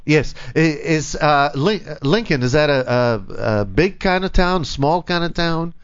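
A man hosting a radio talk show in casual on-air chat, hesitant with frequent pauses and restarts. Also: a little high, lively intonation, clear, resonant tone, dry recording. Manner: hesitant, many ums and restarts. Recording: dry, dull lo-fi studio audio.

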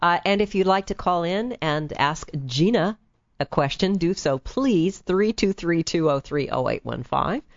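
A woman's voice: lowish voice, animated, a little slow, dry recording. A woman hosting a radio talk show, playful and affirming with her guest. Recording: dry, dull lo-fi sound.

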